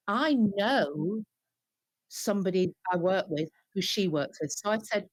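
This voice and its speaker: A woman singer tells stories in an interview, her pitch leaping all over as she acts out what people said. The sound is dry and close, with no room around her. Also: a little slow, no echo. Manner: lively, animated anecdotes with acted-out quotes. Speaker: guest singer. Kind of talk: storytelling interview.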